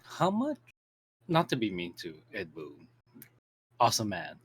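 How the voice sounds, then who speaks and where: A man co-hosting a podcast in casual chat, wry and quick to laugh at his own jokes. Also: lowish voice, huge pitch swings, husky.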